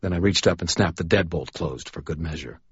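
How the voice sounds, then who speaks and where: A man narrating a first-person story in a dry, wry, deadpan way. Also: deep voice, a little fast, husky, no echo, highs cut off. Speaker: audiobook narrator.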